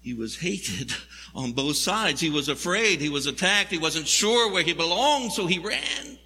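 A man's voice: on the high side, lively intonation, a little slow, sharp tone, a little hiss or hum. A man preaching a sermon in a church, telling the story in a conversational, wry way. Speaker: pastor. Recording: long hall reverb.

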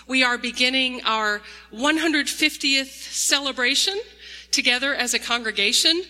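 Woman pastor, gentle children's storyteller, very bright tone, long church reverb. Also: high voice, moderate pace. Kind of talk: children's sermon. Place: large church sanctuary. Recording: echoey church hall.

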